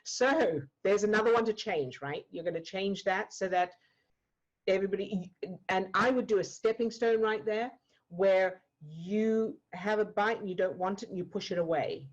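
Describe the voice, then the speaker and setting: A woman guiding a client through an emotional coaching exercise, gentle and explaining step by step. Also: medium pitch, moderate pace, muffled recording. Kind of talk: live online coaching session. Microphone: video call.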